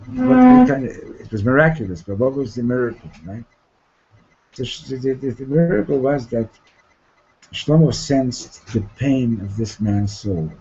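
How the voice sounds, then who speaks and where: A male teacher telling a story to his class, halting, repeating words and often asking "okay?". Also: medium pitch, dark tone, husky, lo-fi sound. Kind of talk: storytelling lesson.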